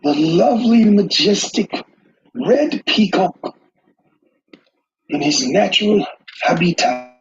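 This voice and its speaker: A solemn wildlife documentary narrator, put on by a man for a joke, slow and hushed, lingering over every word. His voice sweeps up high with lively rises and dips. The sound is muffled and lo-fi. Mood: reverent. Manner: grand, solemn, drawn-out delivery.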